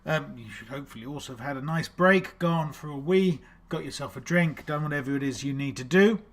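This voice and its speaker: A man's voice: a little high, brisk, fairly bright tone. A man hosting a live-streamed quiz, chatty and self-deprecating, greeting viewers by name and reading out scores and questions. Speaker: online quiz host.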